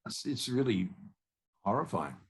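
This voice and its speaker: Older aussie bloke rambling thru stories, lowish voice, lots of restarts. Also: male voice, sing-song, measured pace, husky. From Australia. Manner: rambling, storytelling, many restarts. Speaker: guest musician. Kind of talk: casual podcast chat.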